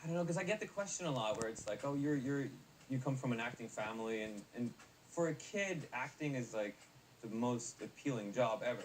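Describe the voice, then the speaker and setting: A man's voice: mid-range voice, expressive, a little fast. A young adult man, an actor guest in a casual interview, rambling with many fillers and restarts. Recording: distant mic with faint noise.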